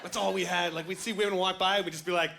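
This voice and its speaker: A man performing a stand-up comedy set on a club stage, animated and acting out the voices of other people. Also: sits high, fast talker, gravelly, very noisy. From Canada.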